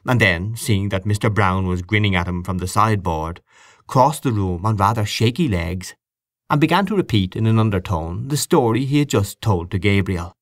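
A man narrating a literary audiobook in a measured, expressive way. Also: on the low side, no echo, studio quality. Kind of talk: audiobook reading of literary fiction.

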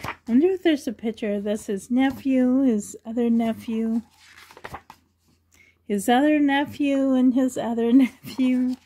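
A woman's voice: high voice, steady tone, unhurried, warm tone, a little hiss or hum. A middle-aged woman vlogger chatting casually and rambling, with frequent giggles as she shows things. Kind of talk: casual show-and-tell chat.

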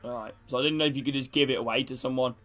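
A man's voice: mid-range voice, fairly even intonation, racing, fairly bright tone, faint music behind. A young man streaming a football video game, greeting his chat and geeing up his teammates, with casual swearing. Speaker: gaming streamer. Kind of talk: live gameplay chat with viewers.

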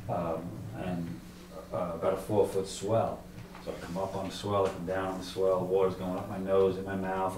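A man's voice: fairly low pitch, a little mellow, a little hiss or hum. Man, telling his story in an echoey room. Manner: conversational, halting with fillers, acts out his own thoughts. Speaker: author and fisherman telling his survival story. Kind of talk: live author talk, storytelling. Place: library event room. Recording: echoey room, distant mic.

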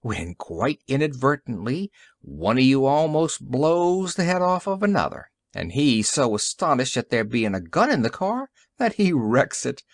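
A man doing a gruff, sarcastic police detective. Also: medium pitch, sing-song, measured pace, hardly any pauses, dry recording, studio quality. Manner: growling, sarcastic.

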